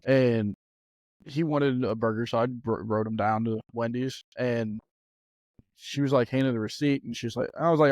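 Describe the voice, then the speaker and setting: A man's voice: medium pitch, moderate pace, darkish tone, no room sound. A man in his thirties co-hosting a podcast in a studio, telling stories in a laid-back way and laughing often. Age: 30s. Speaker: podcast co-host. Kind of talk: casual chat. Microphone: studio mic.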